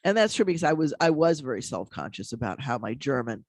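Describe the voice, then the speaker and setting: A man who is a rabbi talks in a relaxed, chatty way on a call-in radio show, laughing easily and often restarting his sentences. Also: medium pitch, fast, vocal fry, no room sound, studio quality. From American Midwest. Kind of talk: casual call-in radio chat.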